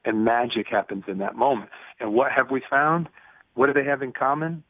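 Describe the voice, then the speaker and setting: A man's voice: medium pitch, steady tone, fairly quick, no room sound. Earnest man in his fifties on a phone line. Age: 50s. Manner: earnest storyteller, acts out dialogue. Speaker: guest, prison ministry speaker. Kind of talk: conversational interview over the phone.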